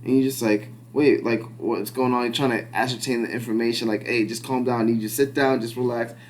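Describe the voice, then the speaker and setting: A man's voice: mid-range voice, fairly even intonation, fast. A man co-hosting a podcast in casual chat, rambling with many restarts and fillers and acting out quotes. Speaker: podcast co-host.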